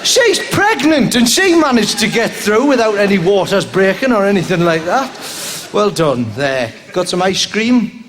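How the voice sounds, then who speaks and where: High-voiced comic riffing with a crowd. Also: male voice, big pitch swings, unhurried, fairly bright tone. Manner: rambling, bursts into high squeals and silly voices. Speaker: stand-up comedian. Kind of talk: stand-up crowd work. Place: theatre stage. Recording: live show recording with noise behind.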